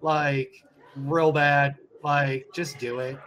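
A man's voice: mid-range voice, flat delivery, extremely slow, fairly bright tone, a little hiss or hum. A young man co-hosting a casual podcast, laid-back and crude, swearing and saying "dude" a lot. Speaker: podcast co-host. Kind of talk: casual crude podcast chat while watching a film.

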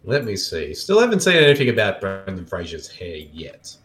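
A man's voice: deep voice, wildly swooping pitch, normal speed, a bit bright, roomy sound, a little hiss or hum. A man co-hosting a casual movie commentary chat, joking and laughing through his own fumbled jokes. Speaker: podcast co-host.

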